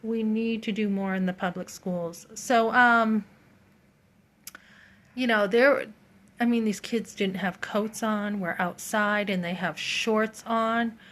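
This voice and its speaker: A woman's voice: medium pitch, steady tone, slow, fairly bright tone. Earnest, indignant middle-aged woman vlogger. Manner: earnest, indignant, emphatic with quoted asides. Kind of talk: casual storytelling to camera.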